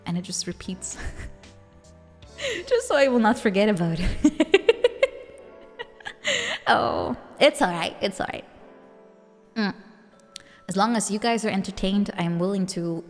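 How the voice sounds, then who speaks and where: A woman's voice: medium pitch, moderate pace, pauses often. A woman streamer with a Dutch accent chatting casually with her live chat, giggly and self-mocking. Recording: long reverb with faint music behind.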